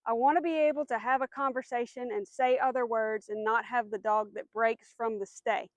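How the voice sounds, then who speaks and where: High-voiced woman teaching dog commands. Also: steady tone, normal speed, no room sound. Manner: clear, patient explaining, firm short commands to the dog. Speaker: dog trainer. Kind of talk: instructional demonstration.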